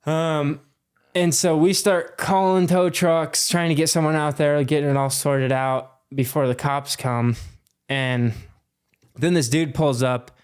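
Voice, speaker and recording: A young man in his twenties, a podcast guest telling a story in a loose, animated way with lots of fillers and swearing. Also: on the high side, unhurried, clear, resonant tone. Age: 20s. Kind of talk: casual storytelling.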